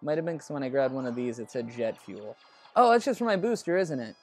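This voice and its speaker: A man's voice: mid-range voice, big pitch swings, a little fast, a little mellow, soft background music. A man hosting a let's play, chatting casually and rambling about movies while he plays, and cursing under his breath when the game goes wrong. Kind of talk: casual gameplay commentary.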